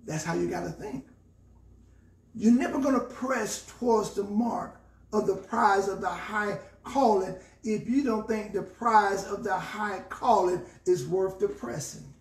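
A man's voice: sits high, measured pace, creaky, echoey room, far from the mic. A man with a Southern US accent, a pastor teaching a Bible study and preaching, repeating phrases for emphasis. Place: church.

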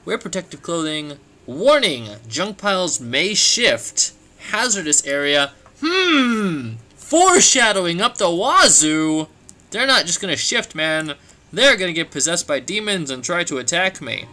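A man giving joking gameplay commentary while playing, animated and quick to break into shouts and laughter. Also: sits high. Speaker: let's play gamer.

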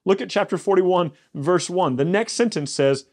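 A man, a pastor, teaching a Bible study podcast, telling the story in an animated, joking way and building to loud exasperation. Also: sits high, normal speed, few pauses.

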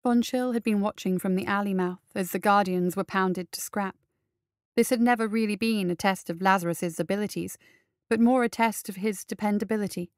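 A woman narrating an action story in a steady, measured reading. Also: mid-range voice, clean tone, dry recording, studio quality.

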